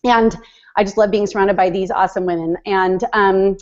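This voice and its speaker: A gushing, excitable woman in her forties tells her coaching story on a group call. Her pitch is middling. The line sounds dull and lo-fi. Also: moderate pace. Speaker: fitness business coach.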